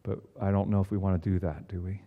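A man preaching a sermon in an earnest way, with emphatic rises and quiet low drops. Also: flat delivery, fast talker, slightly rough, narrow, tinny audio. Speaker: pastor.

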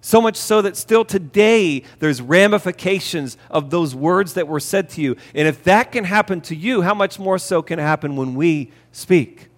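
A man's voice: high-pitched, moderate pace, hardly any pauses. A man preaching a sermon as a pastor, speaking earnestly and repeating key phrases for emphasis. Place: church sanctuary. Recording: long reverb of a church hall. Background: hall reverb.

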